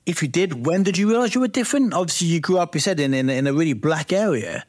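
A man hosting an interview, telling animated anecdotes and asking probing questions. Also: fairly high pitch, quick pace, no echo, studio quality. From England. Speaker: podcast host. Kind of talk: casual interview chat.

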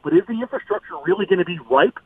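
A man giving measured football analysis as a guest on a sports radio show, heard over a phone line. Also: sits high, expressive, husky. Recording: tinny phone line, dry.

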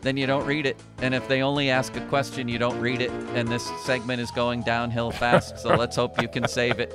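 A man's voice: mid-range voice, completely flat delivery, a little fast, loud music behind the voice. A man hosting a sports radio show, ribbing his co-host and producer in a teasing, exasperated way. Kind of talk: casual sports radio banter.

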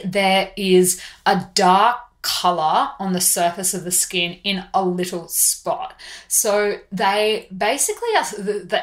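A woman with an Australian accent hosting a podcast, giving casual skincare advice in a chatty, informal way. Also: mid-range voice. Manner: chatty and informal, explains plainly with easy laughs. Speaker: podcast host.

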